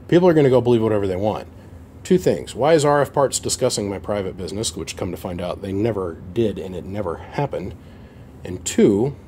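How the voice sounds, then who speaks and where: A man's voice: on the low side, mellow, slight background noise. Blunt, aggrieved man telling a story. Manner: aggrieved, blunt, acts out both sides of phone calls. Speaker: amp repair shop owner. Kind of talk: casual storytelling rant to camera.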